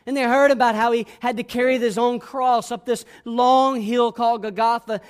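A man preaching a sermon, reading scripture and speaking with passion, often repeating words and dropping to hushed tones. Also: very high-pitched, clear, resonant tone. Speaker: pastor.

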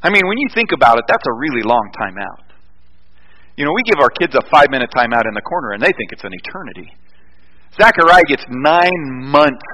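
A male pastor preaching a conversational sermon, animated and fond of rhetorical questions. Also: a little high, fairly quick, long reverb tail, rough recording.

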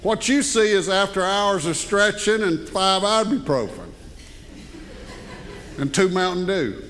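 An older man preaching a sermon as pastor, folksy and animated, joking with the congregation. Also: high voice, unhurried. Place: church sanctuary. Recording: long hall reverb.

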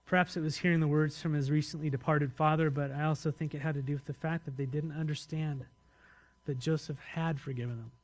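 Conversational male pastor, slightly high voice. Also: steady tone, brisk. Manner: conversational, asks the congregation questions. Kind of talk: sermon.

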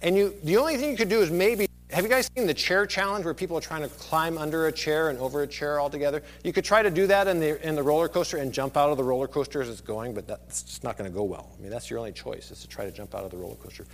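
A man in his thirties preaching a sermon, conversational and digressive, often dropping suddenly to a quiet voice. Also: a little high, fast talker, few pauses. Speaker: pastor.

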